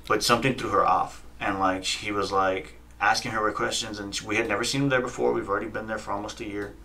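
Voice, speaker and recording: Low, gravelly fast-talking man. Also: level tone, sharp tone. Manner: profane, rapid storytelling with acted-out quotes. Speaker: guest, fighter and coach. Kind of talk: casual podcast chat. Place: podcast studio.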